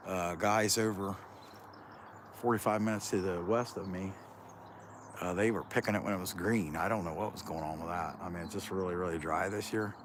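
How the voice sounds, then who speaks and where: A man's voice: low voice, steady tone, normal speed, slight background noise. A man from Central Ohio with a Kentucky accent, chatting casually and rambling on a live stream while out in farm fields. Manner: rambling, self-described lazy drawl. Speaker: livestream host.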